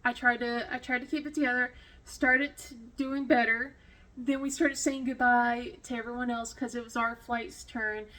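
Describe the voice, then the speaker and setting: High-voiced woman chatting, rambling. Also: flat delivery, normal speed, pushed and bright. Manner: rambling storytelling with many fillers and restarts; emotional, laughs often. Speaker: crafting vlogger. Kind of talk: casual chat.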